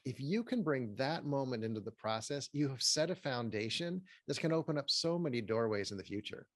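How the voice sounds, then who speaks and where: An earnest male therapist answers interview questions in a mid-range voice. He explains things in a measured, reassuring way. The sound is dry and close, with no room echo. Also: medium pitch, expressive. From Pasadena, California. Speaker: therapist and author, guest.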